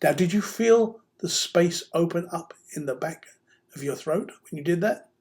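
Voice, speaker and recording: A man's voice: a little high, expressive, moderate pace, a little mellow. A man teaching singing, talking in a direct, encouraging way as he coaches the listener through voice drills. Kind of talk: instructional seminar talk.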